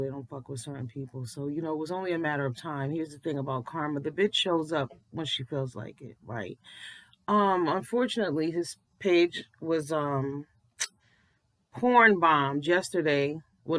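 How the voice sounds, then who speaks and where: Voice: medium pitch, moderate pace, fairly bright tone. A vlogger, just out of bed, speaks in a groggy early-morning voice. The commentary is blunt, preachy and full of swearing. The sound is dry, with no room echo. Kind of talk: casual commentary.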